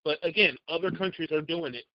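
A man's voice: fairly high pitch, fast talker, dry recording. A man, a podcast guest, chiming in eagerly on politics, on dull lo-fi audio. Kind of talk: casual political discussion.

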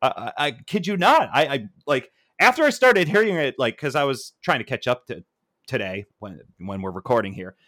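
A man co-hosting a casual wrestling podcast, animated and quick to laugh, often mimicking shouting fans as he tells a story. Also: mid-range voice, no room sound, studio quality. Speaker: podcast co-host.

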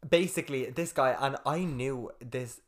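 A young man, co-hosting a casual podcast chat, telling stories fast and swearing freely. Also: medium pitch. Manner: fast storytelling, swears a lot, acts out his own quotes. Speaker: podcast co-host.

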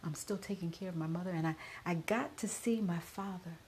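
A grieving middle-aged woman speaks in a fairly low voice, her words often sinking into a soft whisper. It is a personal reflection, recorded with a faint hiss underneath. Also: brisk. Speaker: podcaster.

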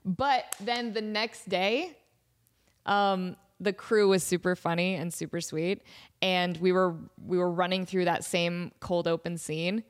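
Animated woman host in her thirties, casual storytelling, giggly and upbeat. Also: lowish voice, a little slow. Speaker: podcast host.

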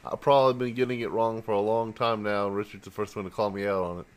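Male podcast co-host, low voice, relaxed, reads from notes. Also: quick pace, smooth. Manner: easygoing, reads notes aloud with fillers. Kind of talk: casual podcast chat.

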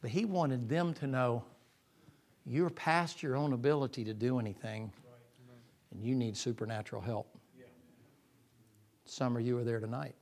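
Male pastor, folksy sermon, big swings from loud to whispered. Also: mid-range voice, normal speed, gravelly, pauses often.

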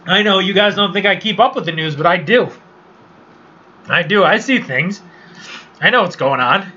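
A man's voice: high-pitched, lively intonation, moderate pace, sharp tone. A man hosting a casual solo sports podcast, rambling and swearing through his picks and opinions. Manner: profane, rambling sports rant. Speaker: podcast host. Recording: dull lo-fi recording.

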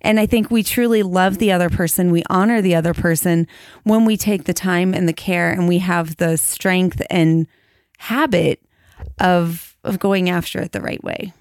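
A middle-aged woman talks through a podcast conversation in an earnest, reflective way. She slows down to lean on the words that matter most. Her voice sits a bit low, and the sound is dry and close with no room around it. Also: fairly even intonation, a little mellow, clean tone, no room sound. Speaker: podcast co-host. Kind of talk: casual conversation.

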